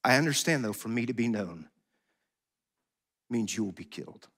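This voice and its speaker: A man pastor preaching a sermon in a conversational, animated way, acting out quotes as he goes. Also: mid-range voice, normal speed. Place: church sanctuary. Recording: long hall reverb.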